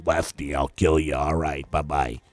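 A man putting on the voice of a brash, foul-mouthed limo driver with a New York-area accent and gruff tough-guy swagger. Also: rumbling low, level tone, moderate pace, dry recording, pitched below the performer's own voice.

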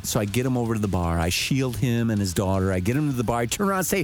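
Animated, profane man telling a story. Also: medium pitch, racing, few pauses, soft background music. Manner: profane, animated, acts out quotes. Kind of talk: casual storytelling.

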